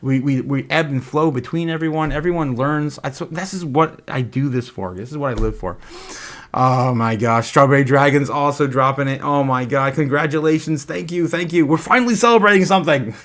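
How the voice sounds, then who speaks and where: Guy hosting a live stream, fairly high voice, giggly and stammery, super excitable. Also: fairly quick. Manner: excitable, laughs often, stammers and repeats himself. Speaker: crypto livestream host.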